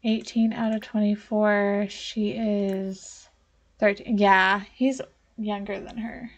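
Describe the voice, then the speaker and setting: A woman's voice: medium pitch, flat delivery, slow pace, lo-fi sound. A young woman giving casual gameplay commentary as a let's play host, talking straight to the characters on screen and getting exasperated with them. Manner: talks to the game characters, easily exasperated.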